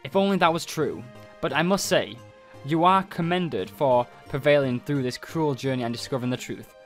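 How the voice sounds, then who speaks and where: A man reading game dialogue aloud as an ancient, solemn nine-tailed fox spirit, slow and formal with archaic phrasing. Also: medium pitch, faint music behind, close to an everyday voice.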